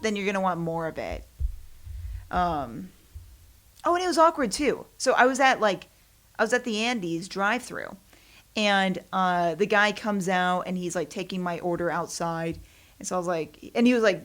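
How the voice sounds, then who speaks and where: A young woman's lowish, fairly bright voice moves with lively intonation at normal speed as she hosts her own podcast. Talking solo, she rambles casually, pokes fun at herself, and laughs frequently.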